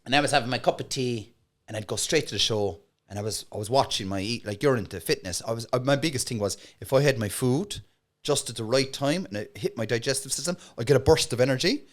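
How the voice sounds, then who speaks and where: A man's voice: mid-range voice, fast. A man with a Cork Irish accent, a guest comedian telling a story casually and acting out the voices in it. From Cork, Ireland. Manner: animated, acts out voices in his stories.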